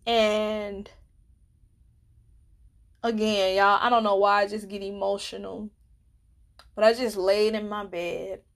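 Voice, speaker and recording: A woman's voice: mid-range voice, flat delivery, slow pace, gravelly, long pauses. A woman podcast host, talking in an earnest, emotional way that often drops almost to a whisper. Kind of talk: reflective monologue.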